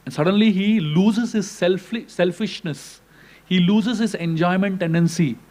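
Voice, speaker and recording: A man tells sacred stories in a scripture class. His delivery is animated and he acts out the dialogue. His voice sits a little higher than most men's. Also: a little slow. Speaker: spiritual teacher.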